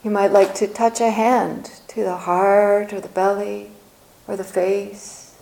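Slow, mellow-voiced woman guiding meditation. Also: medium pitch, flat delivery, creaky, rough recording. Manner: soft, gentle, unhurried with long pauses. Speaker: meditation teacher. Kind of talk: guided meditation.

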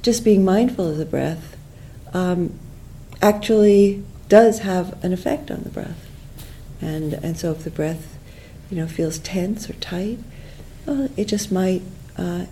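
A middle-aged woman giving a gentle, unhurried mindfulness talk, with many fillers and restarts. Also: lowish voice, a little hiss or hum, low-quality recording. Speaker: meditation teacher.

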